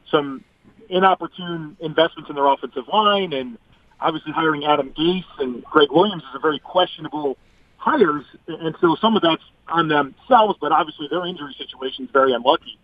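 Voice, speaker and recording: A man giving measured football analysis as a guest on a sports radio show, heard over a phone line. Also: a little high, no room sound. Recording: tinny phone line, dry.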